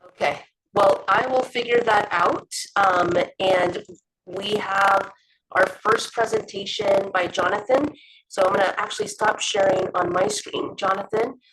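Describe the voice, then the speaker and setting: A woman's voice: mid-range voice, measured pace, background noise. A woman facilitating an online community meeting, making announcements and handing over to speakers. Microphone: video call. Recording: choppy video call audio.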